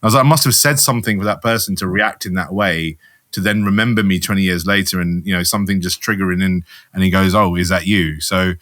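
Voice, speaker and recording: Deep-voiced man, casual and rambling. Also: fast, fairly bright tone, no room sound. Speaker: podcast co-host. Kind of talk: casual podcast chat.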